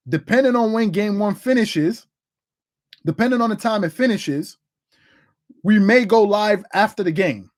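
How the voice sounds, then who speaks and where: Guy hosting a sports livestream, rambly, keeps repeating himself, voice jumps way up when he gets going. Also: high voice. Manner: rambling, repeats himself, reads out chat comments; animated, voice jumps up when excited. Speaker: sports talk livestream host. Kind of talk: casual livestream chat.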